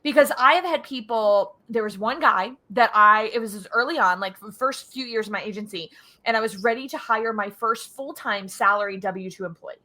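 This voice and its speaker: A woman guest on an interview, an agency owner telling stories in a casual, animated and energetic way. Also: on the high side, moderate pace.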